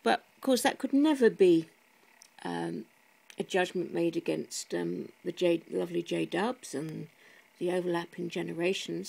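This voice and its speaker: A woman's voice: fairly low pitch, measured pace, gravelly, darkish tone, husky, low-quality recording. A woman vlogger giving sarcastic, mock-pious commentary as she reads product reviews aloud, chatty and full of asides.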